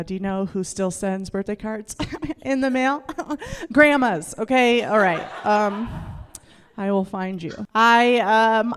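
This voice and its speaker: A woman's voice: medium pitch, clean tone, big-room sound. A woman doing stand-up on a club stage, crude and candid, laughing at herself often. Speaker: stand-up comedian. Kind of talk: stand-up comedy set.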